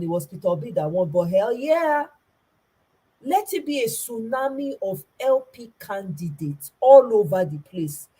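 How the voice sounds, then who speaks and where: Impassioned Nigerian woman, husky voice. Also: medium pitch, a little mellow, low-quality recording. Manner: emphatic, repeats herself for stress. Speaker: political commentator. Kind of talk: impassioned political commentary.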